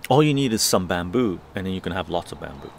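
A man with a low, gravelly voice chats easily with his live stream audience, wandering from point to point and checking in with a constant "right?". He is recorded outdoors, with faint background noise behind him. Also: sing-song, fast. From Canada. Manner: rambling, tag questions like "right?". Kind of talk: casual chat. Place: outdoor patio garden.

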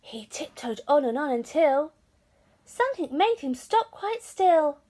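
A woman reading a picture book aloud to children in a lively, sing-song, expressive way. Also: sits high, measured pace. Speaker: storyteller.

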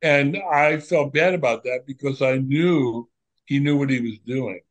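An older man, a former monk, reminiscing in a relaxed, candid conversation and telling animated stories. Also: mid-range voice, measured pace, rough recording. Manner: animated storyteller, candid and reflective.

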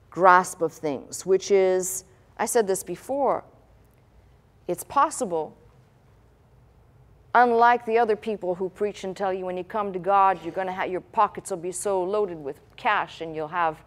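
A woman pastor delivering a sermon in a conversational style, with rhetorical questions and asides. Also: medium pitch.

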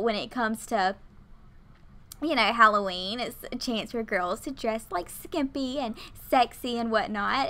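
A woman hosting a gaming video, chatting excitedly and gushing over what happens on screen. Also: sits high. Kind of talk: excited game commentary.

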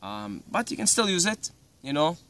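A man's voice: a little high, sing-song, moderate pace, a bit bright. A young man from Syria giving casual advice in a laid-back, rambling way, full of "you know" and "right". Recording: slightly distant mic, faint ambient noise.

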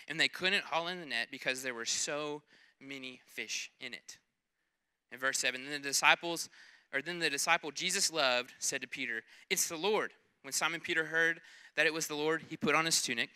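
Bright, clear-voiced pastor preaching. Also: male voice, medium pitch. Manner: playful, conversational, acts out quoted voices. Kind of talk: sermon.

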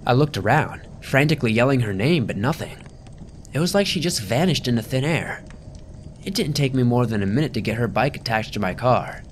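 A man's voice: mid-range voice, expressive, a little fast, slight background noise. Man narrating a tense horror story. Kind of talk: scripted first-person horror narration.

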